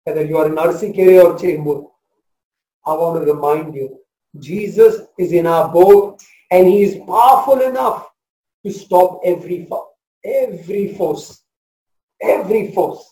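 A man in his forties from India preaching a sermon as pastor, swinging between loud proclamation and a soft hush. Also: sits high, moderate pace, echoey room, rough recording. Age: 40s.

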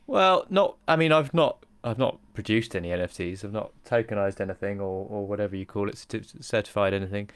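A man's voice: fairly low pitch, a little fast, hardly any pauses, clear, resonant tone, dry recording. A man co-hosting a casual podcast, easygoing and rambling, laughing often. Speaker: podcast co-host.

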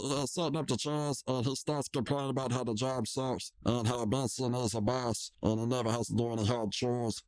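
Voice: medium pitch, darkish tone. A podcast co-host casually recapping a cartoon episode, stumbling over and repeating words while mimicking the characters.

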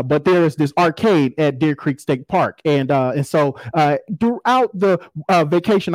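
A man's voice: on the high side, a little mellow, no echo, rough recording. A man, preaching a sermon in a folksy, conversational storytelling way. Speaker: pastor.

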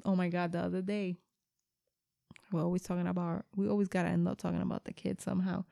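A woman's voice: lowish voice, flat delivery, fast talker, creaky, mellow, no echo, clean studio sound. A woman, co-hosting a casual chat and telling stories, swearing freely and dropping in Spanish words. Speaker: podcast co-host.

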